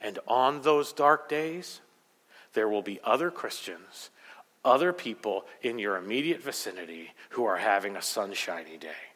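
A man preaching a sermon as pastor, emphatic, swinging between loud rising peaks and quiet low asides. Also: animated, moderate pace. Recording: long hall reverb.

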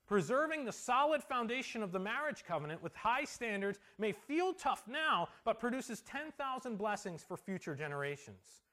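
A man preaching a sermon as pastor in a church, telling stories with an animated delivery that drops to a soft hush for emotional moments. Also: high-pitched, normal speed, hardly any pauses.

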